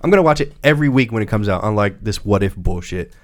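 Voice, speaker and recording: A man's voice: lowish voice, expressive, fast. A man co-hosting a casual pop-culture podcast, blunt and sarcastic, swearing casually. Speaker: podcast co-host.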